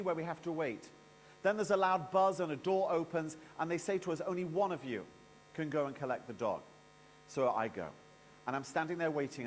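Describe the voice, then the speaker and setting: Lively male emcee, theatrical storyteller, slightly higher voice, faint hum behind. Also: long reverb tail. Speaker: event emcee. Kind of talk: storytelling speech to a live audience. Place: stage at a live conference.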